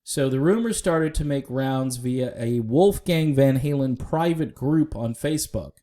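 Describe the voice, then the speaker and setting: A man with a mellow, medium-pitched voice talks straight to viewers in casual, opinionated solo commentary on music news, using frequent fillers.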